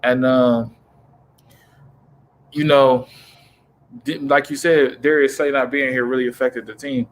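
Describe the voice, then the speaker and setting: Male stream host, mid voice, relaxed slangy sports chat on a call. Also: medium pitch, a little slow, long pauses. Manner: laid-back, slangy. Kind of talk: casual sports talk on a voice call. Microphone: home mic on an online call.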